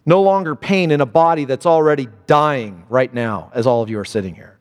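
A man preaching a sermon with impassioned delivery, dropping low and quiet then rising to high exclamations. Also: a little fast, in a large hall. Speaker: pastor.

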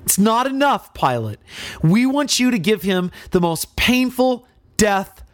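A preacher voicing a bloodthirsty mob. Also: male voice, sits high, big pitch swings, unhurried, no room sound, studio quality, pitched above the performer's own voice. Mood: demanding. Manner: demanding, harsh.

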